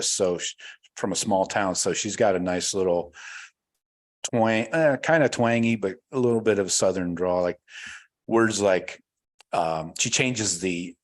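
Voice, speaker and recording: Laid-back deep-voiced American man chatting. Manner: relaxed, rambling, swears casually. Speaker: podcast host reading live chat. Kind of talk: casual livestream chat.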